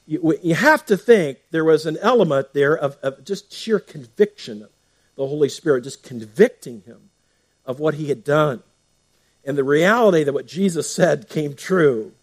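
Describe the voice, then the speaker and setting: Man as pastor: relaxed Bible teacher, fairly high-pitched voice, chatty delivery with frequent fillers and restarts. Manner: conversational, often adds "right?", many fillers and restarts.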